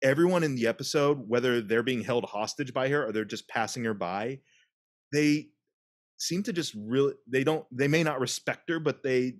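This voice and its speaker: A man talks in a relaxed podcast chat. His voice sits at an ordinary pitch, and he retells scenes in an animated way. He often breaks into laughter or quick put-on voices. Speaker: podcast host. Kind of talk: casual chat.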